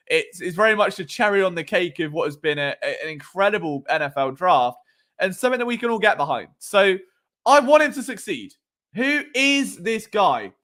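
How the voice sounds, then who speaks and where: A late-twenties man with a high, slightly bright voice hosts a casual sports live stream from home at night, under noisy neighbours. He's chatty and jokey as he reads viewer comments, often stumbling over names.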